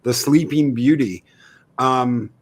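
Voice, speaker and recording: A man's voice: mid-range voice, takes it slowly. A man co-hosting a fan podcast, talking earnestly and a bit hesitantly about an episode. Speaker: podcast co-host. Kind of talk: casual podcast chat.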